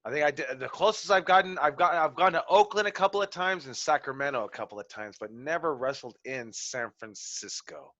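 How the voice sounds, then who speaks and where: A man's voice: fairly high pitch, fairly quick, few pauses, no room sound, lo-fi sound. A man, chatting casually as a podcast host and telling stories animatedly with lots of slang. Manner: animated storyteller, slangy, says "bro" often. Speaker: wrestling trainer, podcast host. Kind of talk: casual chat.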